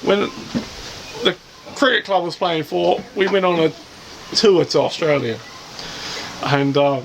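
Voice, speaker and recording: A man's voice: a little high, a little slow, creaky. A man from New Zealand with a New Zealand accent, chatting casually in a beer garden and acting out quotes as he tells stories. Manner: storytelling, acts out quotes. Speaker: guest. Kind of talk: casual chat. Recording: noisy outdoor ambience with birds.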